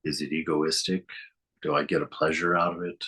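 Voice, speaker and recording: A man giving a reflective spiritual talk as a teacher, speaking gently, asking many rhetorical questions and chuckling often. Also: rumbling low, level tone, a little fast, slightly rough.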